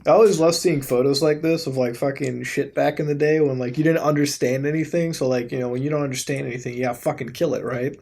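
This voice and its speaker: A young man hosting a video, giving casual commentary as he browses websites, swearing, laughing and reacting in disbelief, swinging between mumbles and sudden loud outbursts. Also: medium pitch, fairly even intonation, fast talker, vocal fry, hardly any pauses. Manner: profane, incredulous, laughs often. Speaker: YouTube host.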